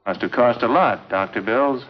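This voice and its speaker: A man's voice: medium pitch, normal speed, close to an everyday voice. A man playing a hard-nosed insurance investigator who keeps needling a suspect, in a 1950s radio drama. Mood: accusing. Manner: pushy, needling interrogation. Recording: dull lo-fi 1950s recording.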